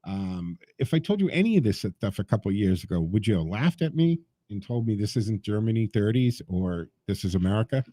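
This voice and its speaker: A man's voice: on the low side, expressive, a little fast, hardly any pauses, dark tone, no room sound. A man hosting a call-in talk radio show, talking emphatically and sarcastically and addressing his listeners directly.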